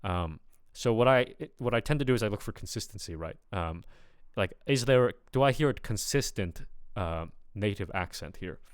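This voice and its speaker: A man working as an accent coach, talking through a learner's recording in a thoughtful, hesitant way with many pauses and fillers. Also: fairly low pitch, expressive, smooth, no room sound, clean studio sound. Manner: thoughtful, hesitant, many ums, imitates sounds. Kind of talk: reviewing a recording with feedback.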